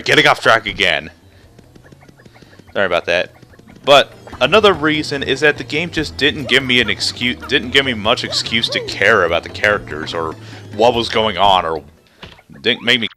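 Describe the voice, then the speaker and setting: Young male let's player, low-ish voice with animated swings, chatty and self-interrupting. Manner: rambling, self-interrupting, jokey. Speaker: let's play commentator. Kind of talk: casual gameplay commentary.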